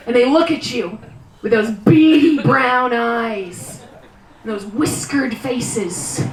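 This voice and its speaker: A woman performing a live stand-up routine, telling exaggerated comic stories with loud animal imitations, then introducing the next act as emcee. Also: on the high side, takes it slowly. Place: small live venue on stage. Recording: roomy live venue, voice from far off.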